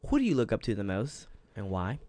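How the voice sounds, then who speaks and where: A man's voice: fairly low pitch, wildly swooping pitch, brisk, dark tone. A man with features, interviewing a guest in a playful, teasing podcast chat. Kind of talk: casual chat.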